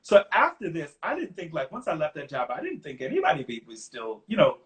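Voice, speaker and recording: A middle-aged man, a songwriter guest in an interview, telling lively anecdotes and acting out other people's lines, earnest and openly emotional when he reflects. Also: a little high, a little fast. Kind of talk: conversational interview storytelling.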